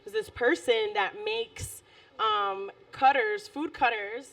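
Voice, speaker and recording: A woman's voice: on the high side, sing-song, slow pace, a bit bright, far from the mic. A woman co-hosting a casual chat, loose and chatty, laughing often. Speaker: podcast co-host.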